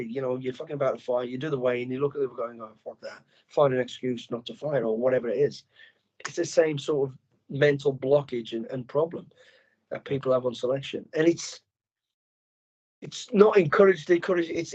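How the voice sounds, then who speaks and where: A man's voice: medium pitch, slightly rough, muffled recording. A middle-aged man, a former soldier telling stories as a podcast guest, blunt and full of swearing. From England. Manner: blunt, heavy swearing, animated storytelling. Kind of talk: casual interview chat.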